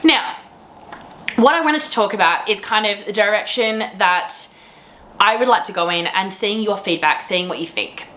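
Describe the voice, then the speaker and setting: Woman, podcast host, bright enthusiastic chatter, echoey room, some faint noise behind. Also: medium pitch, normal speed. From Australia. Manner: gushing, enthusiastic, laughs often. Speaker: teacher. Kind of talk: casual chat to camera.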